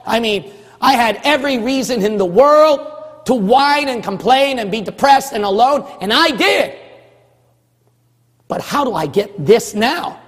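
A man from California preaching a sermon as pastor of his church, hammering one phrase over and over and rising into shouts. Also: very high voice, animated, a little slow, husky, long reverb tail. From California, USA. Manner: forceful, repetitive exhorting, rising to shouts.

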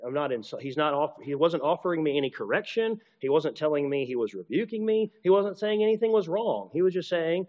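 A man's voice: on the high side, fairly quick, few pauses, darkish tone. A man giving a conversational teaching talk to a group, acting out short exchanges and often restarting his sentences. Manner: conversational, acts out little dialogues, many restarts. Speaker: preacher or teacher. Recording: dull, muffled sound with a long hall reverb.

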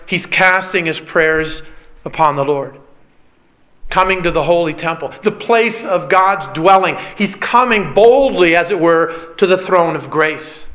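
Guy preaching a sermon, high bright voice, earnest, slows right down to hit a point. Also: low-quality recording. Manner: earnest preaching, dropping low and slow for emphasis.

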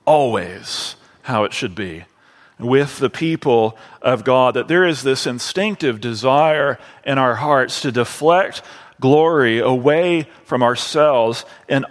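A man preaching a sermon to his congregation, drawing out key phrases slowly and deliberately. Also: mid-range voice, lively intonation, in a large hall.

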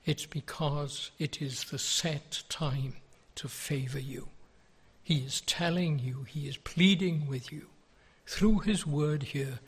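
An older man preaching a sermon, earnest and pleading, with many rhetorical questions and a husky voice. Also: a little high, takes it slowly. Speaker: pastor.

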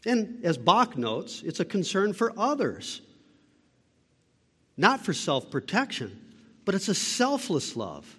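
A man preaching with a fairly high voice, driving his points home through rhetorical questions. His sermon rings out with a long hall reverb around him. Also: wildly swooping pitch, takes it slowly, long pauses, a bit bright, husky. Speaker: pastor.

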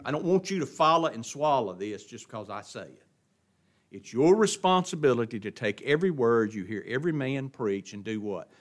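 A man with a mid-range voice preaches a sermon, alternating between loud emphatic stresses and quiet asides and frequently putting questions to the congregation.

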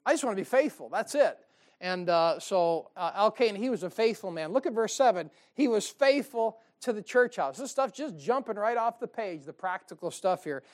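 Pastor guy preaching in church, cracks jokes, keeps going "amen?", gets loud then drops quiet. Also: sits high, animated, moderate pace. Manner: joking, calls out "Amen?" to the congregation. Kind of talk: sermon. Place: church service.

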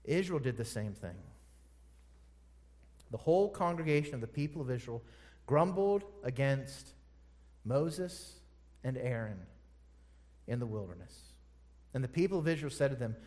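A man preaching a sermon as pastor, asking rhetorical questions and moving between quiet, low passages and loud, forceful ones. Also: expressive, moderate pace, long pauses, long reverb tail.

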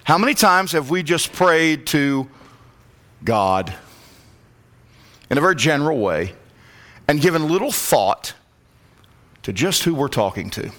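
Guy preaching, bright voice, gets loud and high when he cries out the verses. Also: very animated, a little slow, pauses often. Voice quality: glasses-wearing reader of scripture. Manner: rises to loud impassioned calls when quoting. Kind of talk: sermon.

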